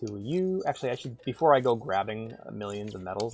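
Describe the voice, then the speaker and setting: A man's voice: on the low side, fast, hardly any pauses, a little hiss or hum. Rambling, irreverent male streamer. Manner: rambling, irreverent, swears freely. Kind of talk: casual gameplay chat.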